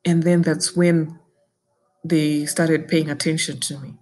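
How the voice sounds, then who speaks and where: Young zimbabwean woman, lowish voice, telling her story all intense and indignant, mixes english and shona. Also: little pitch movement, slow, a little mellow. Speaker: podcaster recounting a personal ordeal. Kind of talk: emotional personal storytelling.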